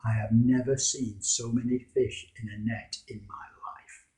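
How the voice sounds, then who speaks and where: A man's voice: medium pitch, fairly even intonation, unhurried, darkish tone. A man telling a story in the first person as a fisherman disciple, in a wry, conversational, self-mocking way.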